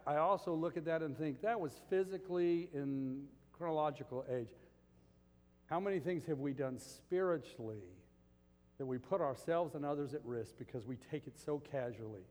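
A man's voice: a little high, darkish tone. A male pastor preaching a sermon, telling a story and building to emphatic peaks. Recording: long reverb of a large hall.

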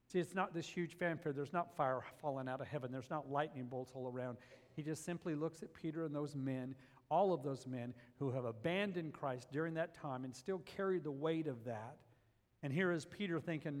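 Guy preaching in a church, gets loud then drops real quiet, kinda high voice, lots of reverb. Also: moderate pace. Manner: impassioned preaching, swinging between loud emphatic rises and quiet low passages. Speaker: pastor. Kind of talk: sermon.

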